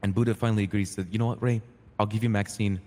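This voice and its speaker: A man's voice: fairly low pitch, rapid-fire, in a large hall, natural voice. A man playing a hot-tempered crew boss. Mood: earnest. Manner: animated retelling, acts out quoted lines, swears freely. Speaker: roleplay character telling his side. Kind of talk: in-character storytelling in a roleplay game.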